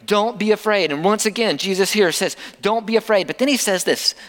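Male pastor, high-pitched, conversational sermon, reverberant church hall. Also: fairly quick, fairly bright tone. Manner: conversational preaching with rhetorical questions.

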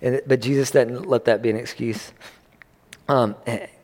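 A man's voice: medium pitch, steady tone, normal speed, a little mellow. A man preaching a sermon at a church service in a loose, conversational way, often restarting and swelling in emphasis. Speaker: pastor. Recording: long hall reverb.

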